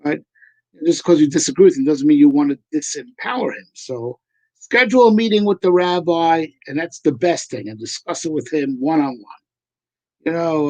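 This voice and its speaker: Rabbi guy answering questions, lots of uh and right?, kinda high voice. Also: darkish tone, dry recording, poor audio. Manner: hesitant, many fillers and "right?" tags. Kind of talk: casual Q&A teaching.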